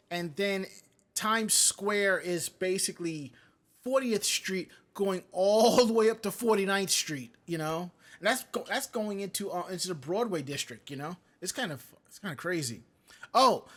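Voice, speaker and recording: A man's voice: sits high, fairly bright tone. A man co-hosting a live podcast, chatting casually, wandering off on tangents and reading viewer comments aloud into a home studio mic. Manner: rambling, digressive, reads chat comments aloud. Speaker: podcast co-host. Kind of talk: casual live-stream chat.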